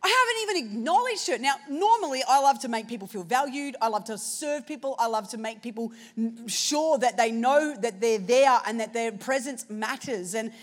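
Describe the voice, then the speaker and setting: Aussie woman preaching, high voice, goes quiet then loud telling her story. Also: normal speed, hardly any pauses. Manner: personal storytelling, swinging between hushed and loud. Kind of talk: sermon.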